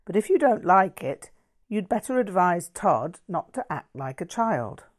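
A woman's voice: lowish voice, very animated, a little slow. Woman voicing a frank, plain-spoken young woman. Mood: scolding.

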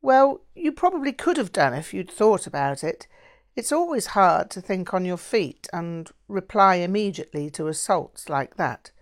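A woman reading the lines of a calm, patient young man in an audiobook, speaking in a reasoned, gently firm way. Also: fairly low pitch, moderate pace.

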